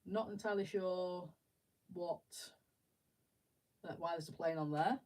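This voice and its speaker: Building on stream, a middle-aged woman with an English accent chats, laughs often and wanders through long stories. She has a fairly low, slightly slow and somewhat mellow voice. The rough audio has her far from the mic.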